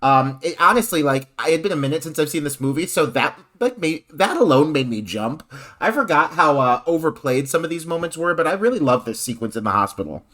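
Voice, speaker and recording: Man, slightly higher pitch, bright tense tone, opinionated film chat. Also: brisk. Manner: animated, opinionated, laughs while talking. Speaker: podcast panelist. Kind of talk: casual film discussion.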